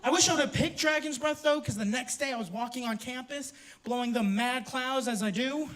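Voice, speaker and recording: A young man doing a stand-up set in a university theater, brash and swearing, with sudden loud outbursts. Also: very high-pitched, brisk. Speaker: stand-up comedian. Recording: roomy theater, distant mic, audience laughter.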